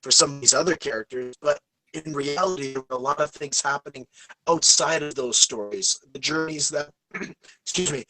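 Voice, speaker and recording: Brief: excitable American male podcast co-host, dry booth sound. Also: a little high, moderate pace, no echo, rough recording. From United States. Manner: excitable, rambling, promo-heavy. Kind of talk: casual podcast chat.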